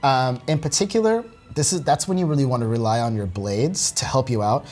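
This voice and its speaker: A man giving relaxed, halting commentary while demonstrating a video game, with many fillers. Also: medium pitch. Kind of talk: casual gameplay commentary. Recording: faint game music behind.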